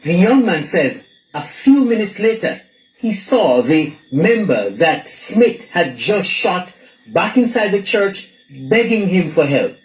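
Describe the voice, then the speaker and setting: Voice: medium pitch, big pitch swings. News reporter in an echoey room. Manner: measured, formal reporting. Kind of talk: scripted news narration.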